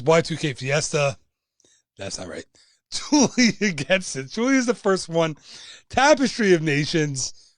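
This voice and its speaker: A man's voice: fairly high pitch, no room sound, clean studio sound. A young man hosting a casual livestream trivia game, chatty and jokey as he reads out viewer answers. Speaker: trivia host.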